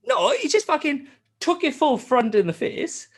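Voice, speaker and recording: A man's voice: normal speed, gravelly. A man hosting a podcast, telling a game's story in casual chat, swearing often and mimicking characters. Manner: animated storytelling, heavy swearing; acts out character lines in a high voice. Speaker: podcast host.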